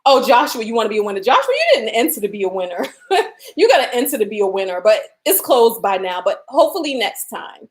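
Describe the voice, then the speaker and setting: Woman w running a livestream giveaway, casual and laughy, kinda high voice. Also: big pitch swings, fast. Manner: chatty, laughs often, reads out viewer comments.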